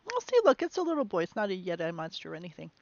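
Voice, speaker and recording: A woman giving chatty, musing let's play commentary on a game, with bursts of excitement. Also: on the low side, racing, gravelly, no room sound, muffled recording. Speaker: game streamer.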